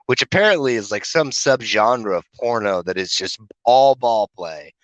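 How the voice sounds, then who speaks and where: A middle-aged man co-hosting a podcast, telling rambling, profane anecdotes in casual chat and slipping into animated voices when he quotes people. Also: lowish voice, brisk, few pauses, dry recording, dull audio. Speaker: podcast co-host. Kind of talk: crude casual storytelling.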